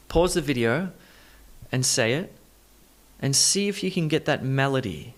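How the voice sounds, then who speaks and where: A man teaching an online English pronunciation lesson, saying practice sentences slowly and repeating stressed words to the learner in an encouraging way. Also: mid-range voice, lively intonation. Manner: encouraging, talks straight to the learner.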